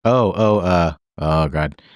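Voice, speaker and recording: Deep-voiced laid-back podcast co-host. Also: male voice, slow, smooth, no room sound, studio quality. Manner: laid-back, laughs often, hesitant when recalling names. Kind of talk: casual chat.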